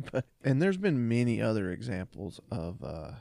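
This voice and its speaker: A man's voice: mid-range voice, sing-song, a little slow, vocal fry, a little mellow, dry recording, studio quality. A man co-hosting a podcast in casual chat, often laughing, trailing off and restarting his sentences. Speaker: podcast co-host.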